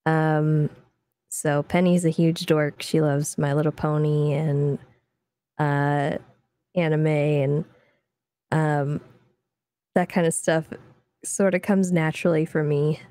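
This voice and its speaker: Low-pitched woman, modest and halting, casual chat. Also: little pitch movement, warm tone. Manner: halting, filler-heavy, modest. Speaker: podcast guest, roleplayer.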